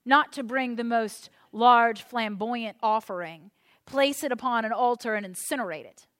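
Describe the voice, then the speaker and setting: A woman's voice: on the high side, normal speed, a bit bright. A woman pastor preaching a sermon, earnest and emphatic, often repeating a point for weight.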